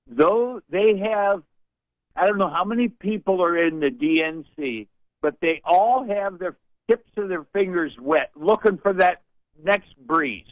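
A man's voice: on the high side, expressive, measured pace, fairly bright tone, no room sound. Older folksy male caller, muffled line. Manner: folksy, rambling, colorful sayings. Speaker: radio caller. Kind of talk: call-in talk radio.

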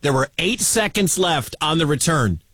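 A man calling a live football game on radio as play-by-play announcer, excitable and building to shouts at big plays. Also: fairly high pitch, moderate pace, husky, no room sound.

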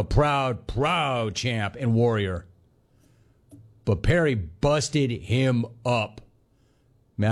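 A man hosting a sports talk radio show, talking in a conversational, emphatic way with quick bursts and repeated words. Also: mid-range voice.

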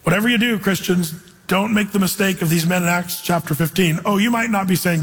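High, husky-voiced male preacher. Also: brisk, fairly bright tone, in a large hall, low-quality recording. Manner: earnest, informal, quotes scripture and acts out voices. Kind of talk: conversational sermon. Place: church.

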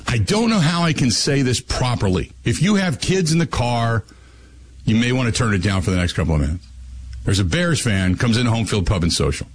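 Animated male sports radio host. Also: mid-range voice, moderate pace. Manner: animated storytelling, lively and joking. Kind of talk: casual sports talk radio.

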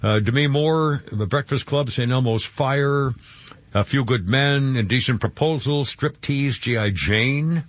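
Male radio host, husky, rambling, stumbles over words, dull dry broadcast sound. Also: medium pitch, a little slow, no room sound. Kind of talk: morning radio chat.

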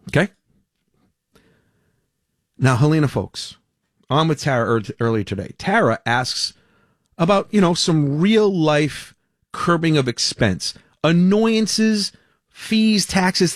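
An excitable male talk radio host teasing an upcoming story in quick bursts, stumbling over his own words. His voice sits a little high and swings widely in pitch. The studio sound is dry and close. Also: no echo. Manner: excitable, teasing, rapid restarts. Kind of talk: animated talk radio monologue.

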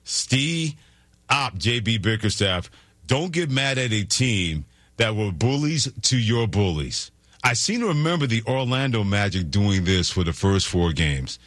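A man hosting a sports talk show, delivering forceful, scolding commentary with heavy emphasis. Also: fairly low pitch, sing-song, unhurried, dry recording.

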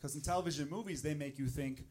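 A man's voice: on the high side, fast talker, a little mellow. A man doing a stand-up set with crude, exasperated storytelling. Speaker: stand-up comedian.

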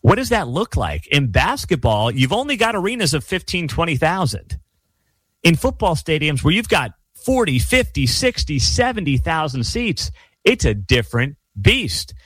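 A man hosting his own college football channel, giving blunt opinionated commentary with sarcastic asides and animated rants. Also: a little high, moderate pace, breathy edge, no echo.

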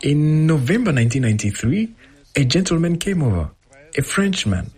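A man with a husky voice reading a translated first-person account as a voice-over, in a lively storytelling manner. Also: fairly high pitch, moderate pace. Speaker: voice-over interpreter.

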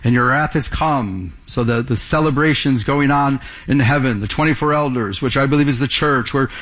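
A man's voice: mid-range voice, moderate pace, fairly bright tone. A man pastor preaching a verse-by-verse sermon in a conversational way, often repeating words and asking the congregation questions.

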